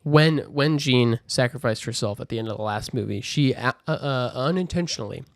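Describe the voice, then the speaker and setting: Man recapping a film, animated, mid pitch, dry close recording. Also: dry recording. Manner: animated, acts out characters in quick voices. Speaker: podcast co-host. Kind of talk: casual movie recap chat.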